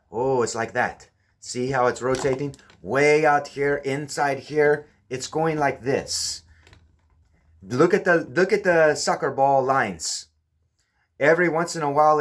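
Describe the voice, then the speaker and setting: A man's voice: mid-range voice, measured pace. A man giving a casual hands-on explanation with objects, often stopping to ask the viewer whether they see it. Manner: keeps checking with the viewer, repeating "do you see". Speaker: presenter demonstrating with objects.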